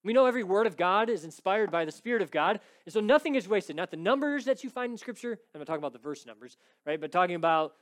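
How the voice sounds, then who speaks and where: A man's voice: sits high, animated, quick pace, few pauses. A man preaching an expository sermon, emphatic and rising to pleading intensity when quoting scripture, often checking in with "right?". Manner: frequent "right?" checks with the congregation. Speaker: pastor.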